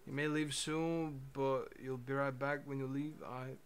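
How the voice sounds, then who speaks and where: Young streamer dude chatting loose, laughs a lot, curses, gets impatient with the bot. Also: male voice, mid-range voice, level tone, moderate pace, slight background noise. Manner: laid-back, laughing, swearing, impatient with the bot. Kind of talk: casual livestream chat.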